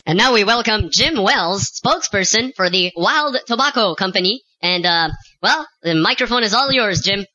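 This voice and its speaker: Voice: mid-range voice, animated, moderate pace, few pauses, sharp tone. A performer playing an announcer and an eager questioner at a mock press conference. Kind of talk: comedy skit acting. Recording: dull, lo-fi sound.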